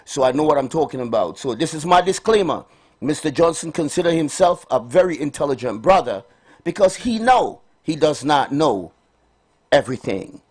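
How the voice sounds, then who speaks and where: Male radio health host, slightly high-pitched, upbeat greeter with a preachy streak. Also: big pitch swings, normal speed, husky. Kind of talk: live radio morning show chat. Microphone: studio microphone.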